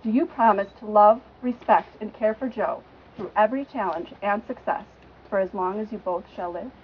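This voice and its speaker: A woman officiating a wedding, leading the ring exchange in a clear, measured, formal way outdoors by a lake. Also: medium pitch, dull audio, a little hiss or hum.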